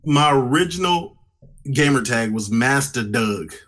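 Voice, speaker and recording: A man's voice: mid-range voice, lively intonation, unhurried, fairly bright tone. A man in his thirties, a gaming YouTuber, chatting casually as a podcast guest and laughing often. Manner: laid-back, laughs often. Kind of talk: casual chat.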